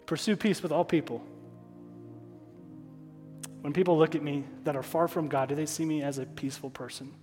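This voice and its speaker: Man, pastor preaching, fairly high voice, long hall reverb, soft music underneath. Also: fairly even intonation, normal speed, pauses often. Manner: emotional, stops to apologize and regroup; repeats key phrases for emphasis. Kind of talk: sermon.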